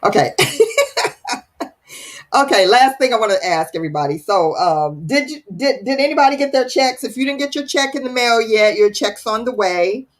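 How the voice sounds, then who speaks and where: A woman with a slightly high voice and lively intonation, at a moderate pace, reads viewer comments on her casual livestream. She chats in a playful, teasing and dramatic way.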